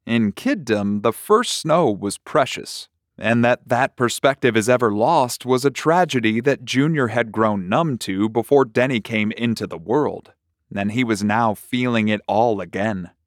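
A man narrating a short story in a slow, measured, deliberate reading. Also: medium pitch, no echo, clean studio sound.

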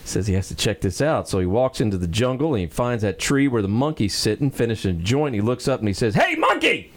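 A man co-hosting a radio show, trading dry quips and telling jokes with animated storytelling. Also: lowish voice, fast. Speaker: radio co-host. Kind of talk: casual banter and joke telling.

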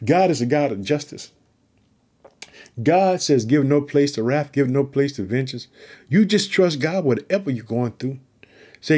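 A man with a fairly high voice gives a fervent Bible teaching. He reads scripture aloud and then talks straight to his listeners, calling them family. He keeps coming back to the same short catchphrases between verses. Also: expressive, normal speed, a little mellow, breathy edge. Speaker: preacher.

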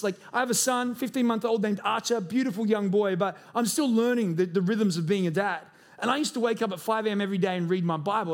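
In this sermon, a young male pastor speaks animatedly with a somewhat high voice. Quotations become brief performances as he acts out characters to make his stories vivid.

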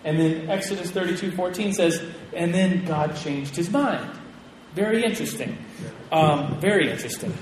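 A man teaching a Bible class to a group in a casual, chatty way, with an animated storytelling manner and frequent restarts, in a large hall. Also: fairly high pitch, moderate pace. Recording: echoey hall with long reverb, faint room noise.

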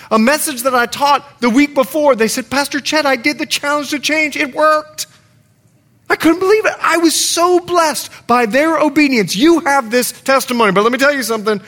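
A middle-aged man preaching a sermon as pastor in a church, telling stories and acting out the people in them. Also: very high voice. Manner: animated storytelling with acted-out quotes.

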